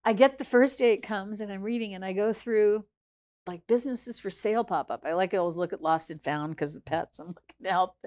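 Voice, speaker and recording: A woman chef, a guest in an interview, telling a story in a lively way, acting out what people said and swinging between hushed and loud. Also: medium pitch, fairly quick. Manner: animated, acts out quoted voices, swings between hushed and loud. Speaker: chef and restaurant founder, guest.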